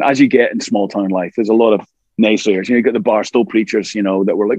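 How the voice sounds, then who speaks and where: Animated middle-aged man telling stories. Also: on the low side, racing, breathy edge, dry recording, lo-fi sound. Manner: animated storyteller, acts out quotes. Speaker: rock singer, interview guest. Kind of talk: casual interview chat.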